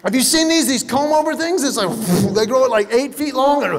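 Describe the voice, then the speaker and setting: A man performing stand-up comedy, telling animated stories and acting out what other people said. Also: very high voice, moderate pace. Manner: animated storytelling, acts out other people's lines. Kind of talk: stand-up comedy to a live audience. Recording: hall reverb with faint noise.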